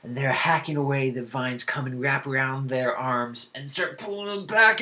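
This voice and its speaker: A man narrating as dungeon master, halting with many fillers. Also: mid-range voice, sharp tone, a little hiss or hum. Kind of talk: narrating a tabletop game.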